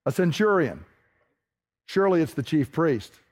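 A man preaching a sermon, teaching through rhetorical questions and slowing down hard on key phrases. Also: on the high side, big pitch swings.

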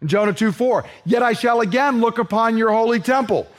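A male pastor with a fairly high voice delivers an expository sermon, earnest and emphatic. He slows down whenever he reads from scripture.

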